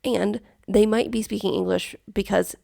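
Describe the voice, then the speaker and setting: Brief: American woman, heavy vocal fry, dry close sound, thoughtful co-host. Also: mid-range voice, fairly even intonation, moderate pace, dark tone, no echo. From United States. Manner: thoughtful, self-correcting. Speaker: podcast co-host. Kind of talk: casual chat.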